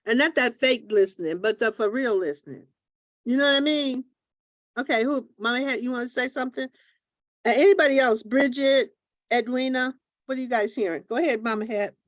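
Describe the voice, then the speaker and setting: A woman hosts a group talk show, speaking in a high voice recorded dry and close. She tells her stories in a lively way and acts out the voices of the people in them. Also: a little fast, no room sound. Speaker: host.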